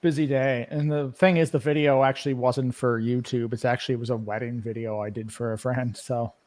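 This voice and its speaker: A man's voice: mid-range voice, fairly even intonation, fairly quick, darkish tone. A man with an East Coast Canadian accent chatting casually on a livestream, rambling and laughing often. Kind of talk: casual chat.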